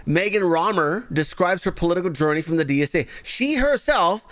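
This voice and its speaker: A man's voice: sits high, lively intonation, brisk, a bit bright, no room sound. A man hosting a live show, giving sarcastic, mocking political commentary.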